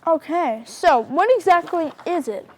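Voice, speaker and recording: A young man playing a flustered news anchor in a student comedy news skit, reading stiffly and trying to keep his guest calm. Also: extremely high pitch, measured pace. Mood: earnest. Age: young adult. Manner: reads stiffly, keeps telling the guest to calm down.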